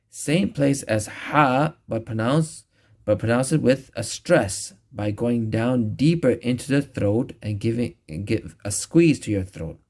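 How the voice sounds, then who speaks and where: Slow, gravelly man teaching recitation. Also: mid-range voice, a little mellow. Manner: patient, repeats each sound slowly. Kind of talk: recorded tajweed lesson.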